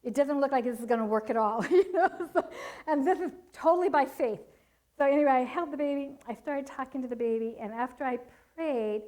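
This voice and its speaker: A middle-aged woman telling lively stories about training children to a church audience, laughing often and acting out what people said. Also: sits high, fairly quick, poor audio. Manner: animated storytelling, laughs often, acts out quotes. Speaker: Christian child-training speaker. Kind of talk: storytelling talk to a church audience.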